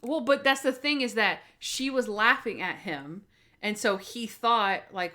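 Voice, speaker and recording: A young woman co-hosting a podcast in casual chat, animated and acting out scenes in quoted voices. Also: on the high side, a little slow. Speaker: podcast co-host.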